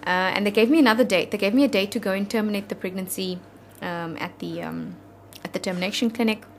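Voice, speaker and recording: A South African woman in her thirties, an interview guest telling a personal story in an earnest, halting, heartfelt way. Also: medium pitch, a little hiss or hum.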